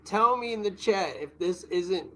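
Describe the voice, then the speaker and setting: A man's voice: high voice, unhurried, poor audio. A man hosting a live stream, giving blunt, mocking, profane reaction commentary.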